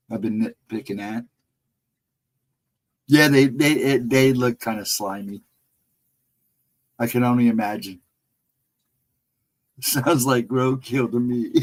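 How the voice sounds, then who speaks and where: A man with a husky, mid-range voice hosts a casual livestream chat over a rough recording. He talks to viewers through loose, rambling anecdotes, chuckling often.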